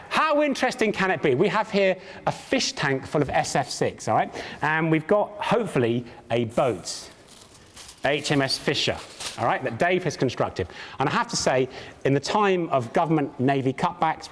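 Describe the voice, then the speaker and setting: A man's voice: fairly high pitch, expressive, moderate pace, a little hiss or hum. A man presenting a live science show on stage, with jokey, theatrical patter and mock pomposity. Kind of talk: comic live science demonstration. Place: live stage show at a large public event.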